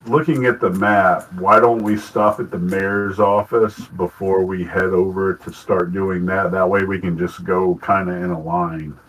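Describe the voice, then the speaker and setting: A man's voice: sits low, fairly even intonation, a little slow, few pauses, a bit bright. A man playing a tabletop game, chatting casually and explaining things in a laid-back way. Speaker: player. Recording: distant mic with faint noise.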